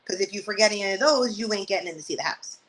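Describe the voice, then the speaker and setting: A woman talks through her work as a real estate agent. She tells her stories in an animated way, with exasperated asides, and her pitch sits in the middle range for a woman. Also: very fast, slight background noise, low-quality recording. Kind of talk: casual interview talk.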